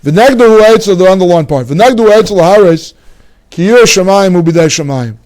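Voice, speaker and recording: A man's voice: high voice, expressive, a little fast, a little mellow. A man, teaching a Torah lecture as a rabbi, emphatic and full of rhetorical questions.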